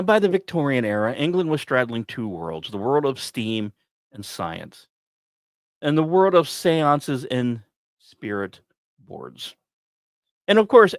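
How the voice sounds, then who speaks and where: A man narrating a history tale on his podcast, his voice rising and falling with drama and slipping into wry asides. He sits at a middle pitch, and the close, dry sound carries no room echo. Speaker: podcast host. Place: small dry studio.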